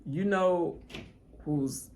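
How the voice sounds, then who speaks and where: A woman giving live reaction commentary to a reality show, slangy and animated, talking straight back at the people on screen. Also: very slow, a little hiss or hum. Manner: animated, pitch jumps high when emphatic. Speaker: reaction channel host.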